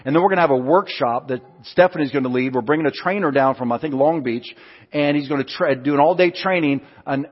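A male pastor preaching a sermon, telling stories with acted-out quotes. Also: fairly high pitch. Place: church hall. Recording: muffled sound in a reverberant hall.

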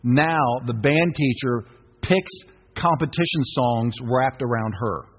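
A man's voice: mid-range voice, takes it slowly, slightly rough. A middle-aged male pastor preaching a sermon, urging the congregation to repeat phrases back to him. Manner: exhorting, call-and-response with congregation. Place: church sanctuary. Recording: dull reverberant church recording.

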